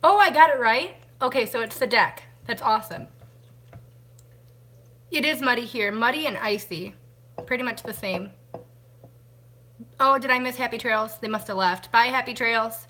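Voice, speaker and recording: A woman chats casually on a live stream from home, greeting viewers by name and answering their comments. Her voice is bright and a little sharp. She keeps talking as she washes glasses by hand. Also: on the high side, moderate pace, long pauses. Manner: talks while washing glasses by hand. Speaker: vlogger hosting a live stream.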